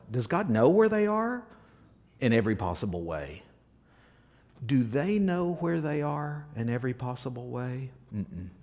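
A male pastor preaching a sermon, asking the congregation questions and swinging between loud emphasis and hushed near-whispers. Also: medium pitch.

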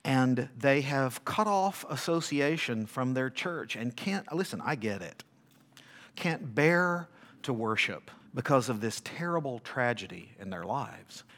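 A male pastor preaching a sermon, reading scripture dramatically and swinging between loud declarations and hushed asides while questioning his congregation. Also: mid-range voice, lively intonation, a little slow.

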